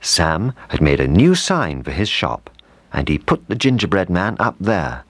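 A man reading a children's storybook aloud, in an animated, expressive way. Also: low-pitched, a little slow, dry recording. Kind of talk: storybook narration.

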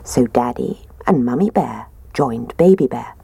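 Woman reading a bedtime story, low voice but swoops around a lot, dry close sound. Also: unhurried, creaky, breathy edge, dry recording. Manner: expressive, gentle.

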